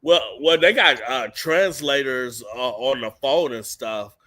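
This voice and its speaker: A man's voice: medium pitch, a little slow, bright, forceful tone, dry recording. A young man co-hosting a casual streamed chat, blunt and frank, reading viewer questions aloud. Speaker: co-host.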